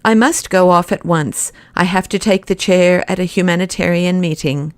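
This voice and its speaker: A woman reading the part of a huge, commanding male anarchist president, brisk and mockingly courteous. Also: lowish voice, steady tone, no echo, natural voice. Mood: breezy.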